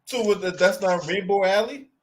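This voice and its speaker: A man's voice: high voice, moderate pace. A man in a casual chat, mostly reacting to a story with exclamations.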